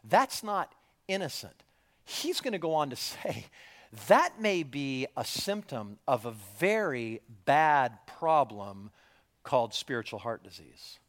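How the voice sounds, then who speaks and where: A man preaching a sermon as a story, animated, jumping from loud bursts to hushed near-whispers. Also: mid-range voice, slow pace. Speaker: pastor.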